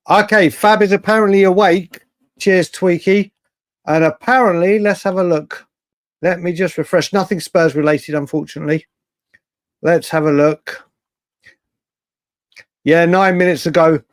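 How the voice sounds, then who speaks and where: A man hosts a late-night live stream with a fairly high voice, rambling through viewer comments with plenty of restarts. His voice is close and dry on the mic, with little room sound. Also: steady tone, measured pace, long pauses, no room sound. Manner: chatty, rambling, restarts often, reacts to chat. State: hiccups. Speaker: livestream host. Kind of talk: casual live-stream chat reading comments.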